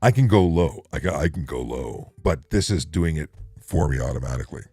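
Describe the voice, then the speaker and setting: A man using a pitch-shifting effect to voice a deep, husky movie-trailer narrator, slow and dramatic. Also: animated, darkish tone, soft background music, exaggerated voice. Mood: explaining.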